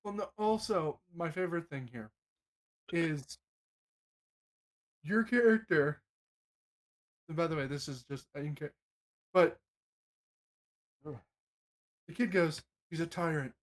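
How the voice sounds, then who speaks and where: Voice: mid-range voice, expressive, slow pace, pauses often. Wry, teasing player at a tabletop game. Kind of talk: casual tabletop chat.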